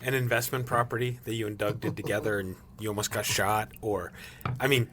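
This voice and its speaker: A man's voice: fairly low pitch, steady tone, a little fast, fairly bright tone, a little hiss or hum. A man hosting a podcast interview, asking questions and joking with his guest. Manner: prompts with short backchannels, joking. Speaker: podcast host. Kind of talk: casual interview.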